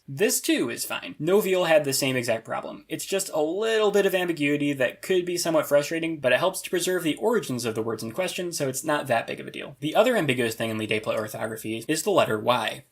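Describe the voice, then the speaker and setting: A man's voice: fairly high pitch, expressive, quick pace, few pauses, breathy edge. A man narrating a scripted review of a constructed language, analytical with dry, wry asides. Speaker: conlang reviewer.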